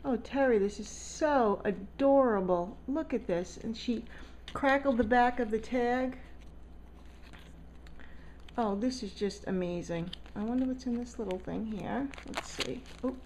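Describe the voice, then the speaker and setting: A woman's voice: on the high side, a little slow, pauses often, a little hiss or hum, rough recording. A woman unboxing a swap package at home on a casual vlog, gushing and gasping with delight over each item. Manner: gushing, excitable, gasping often. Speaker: vlogger. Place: home, at a table.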